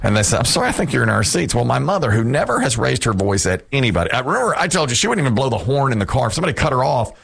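A man's voice: rapid-fire, gravelly, hardly any pauses, slightly rough. A man hosting a radio show, telling stories in casual chat and acting out the people he quotes. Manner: animated storyteller, acts out quotes with big pitch jumps.

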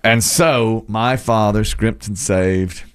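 A man hosting a radio talk show, telling stories in a casual, animated way and acting out the voices of the people in them. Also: fairly low pitch, slow pace, clear, resonant tone. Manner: animated storyteller, acts out voices in quotes. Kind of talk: casual storytelling chat.

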